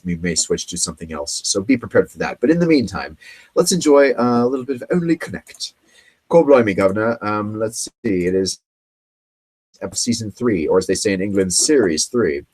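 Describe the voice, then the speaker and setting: A man's voice: on the low side, darkish tone, breathy edge. A man hosting a late-night livestream from home, chatting casually in a rambling, distracted way full of ums. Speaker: livestream host. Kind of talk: casual chat. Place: home room with his cat.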